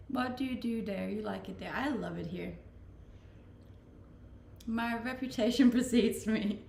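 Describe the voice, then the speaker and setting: Scandi girl streaming, chatty and giggly, bit of vocal fry, echoey room. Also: fairly high pitch, a little slow, darkish tone, slight background noise. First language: Scandinavian language. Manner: laughs often, playful and chatty. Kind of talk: casual chat reading out viewer messages. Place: Australia, Gold Coast.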